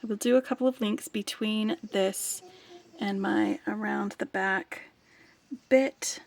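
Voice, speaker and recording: A woman vlogger talking casually through a jewelry-making project, soft-spoken and often dropping to a whisper as she works. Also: medium pitch, slow, creaky. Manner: sings playfully to her dog. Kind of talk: casual crafting talk while working.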